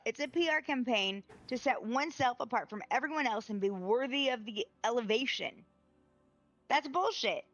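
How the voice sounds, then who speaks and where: A woman's voice: fairly high pitch, highs cut off, soft background music. A woman playing in a tabletop game, talking animatedly and swearing freely as she argues her character's side. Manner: animated, swearing, quick asides. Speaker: player. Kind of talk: tabletop role-play, casual and profane.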